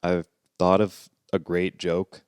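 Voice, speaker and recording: A young man co-hosting a podcast, telling wry, deadpan stories in casual banter. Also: low voice, takes it slowly, clear, resonant tone, no echo, studio quality. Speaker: podcast co-host.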